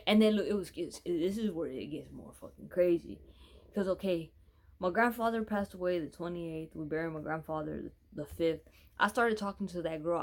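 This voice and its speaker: A man telling a personal story in a casual, rambling way, correcting himself often and swearing freely. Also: a little high.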